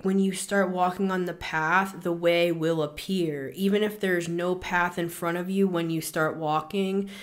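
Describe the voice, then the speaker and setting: A woman hosting a spiritual reading show, talking earnestly to listeners and repeating words for emphasis, a little out of breath. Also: lowish voice. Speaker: spiritual reader, show host. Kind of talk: intuitive reading monologue.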